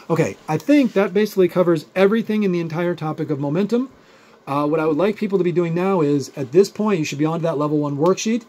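A man's voice: fairly high pitch, fast, a little mellow. A man teaching a physics lesson in a chatty, rambling way, using everyday examples. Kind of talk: recorded video lecture.

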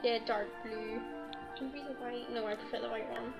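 A woman's voice: on the high side, fairly even intonation, normal speed, vocal fry. A young woman commenting on her gameplay in a casual chat, gushing and cooing over a pet in baby talk. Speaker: gaming YouTuber. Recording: slightly dull audio with game music.

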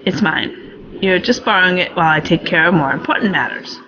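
A woman in her forties reading aloud the lines of a formal station computer guiding a robot, in a measured, instructive way. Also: lowish voice, muffled recording, background noise, natural voice. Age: 40s. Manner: reads game text aloud, measured and instructive. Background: loud game music.

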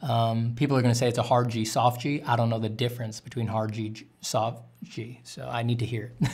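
A man's voice: medium pitch, flat delivery, a little fast, darkish tone. A man, an artist streaming while drawing, answering chat questions in a candid, rambling way with casual swearing.

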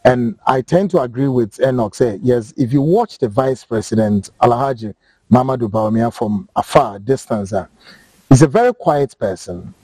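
A Ghanaian man hosts a political talk show, mixing English and Twi as he speaks emphatically and repeats words to build his points. His medium-pitched voice is dark with a breathy edge, at a moderate pace, and the recording has no echo.

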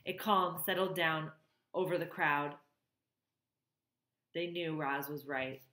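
Woman, slightly low voice, reads a children's book with feeling, echoey room. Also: slow pace, pauses often. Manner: expressive, warmly emotional reading. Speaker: reader. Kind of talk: reading a children's novel aloud. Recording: roomy echo.

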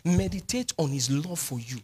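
A man preaching a midweek sermon as pastor, swinging between speech and sung, drawn-out phrases. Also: a little high, lively intonation, a little mellow, breathy edge. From Nigeria.

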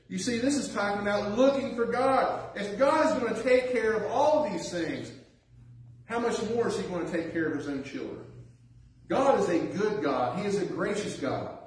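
A man's voice: high-pitched, normal speed, slight background noise. A man preaching a sermon, reading scripture aloud and then urging his listeners with earnest, rising emphasis. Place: church sanctuary. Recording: very echoey church hall, mic at a distance.

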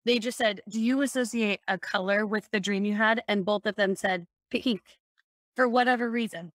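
A woman's voice: medium pitch, moderate pace, no room sound, studio quality. A woman guest casually adding details to her sister's story. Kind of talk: casual chat.

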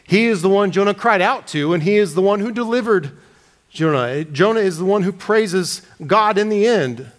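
A man preaching an expository sermon, reading scripture aloud with slowed dramatic emphasis. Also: high-pitched, animated.

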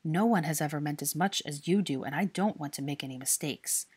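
A woman's voice: low voice, brisk, darkish tone, slightly rough. A woman voicing an anxious, earnest young man in love, talking in an urgent, pleading way.

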